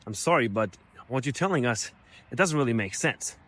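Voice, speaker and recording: A man's voice: medium pitch, animated, moderate pace, fairly bright tone. A man quoting a young female student who politely and hesitantly objects to her professor.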